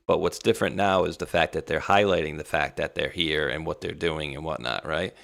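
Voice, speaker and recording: A man's voice: extremely low pitch, fairly quick, gravelly. A man co-hosting a podcast, animatedly retelling a text exchange in casual chat. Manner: animated storytelling, quotes others.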